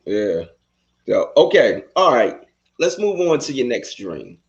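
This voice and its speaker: Laid-back male podcast host, lively pitch. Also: unhurried, muffled recording. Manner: relaxed, laughs a lot, rambles and restarts. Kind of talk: casual interview.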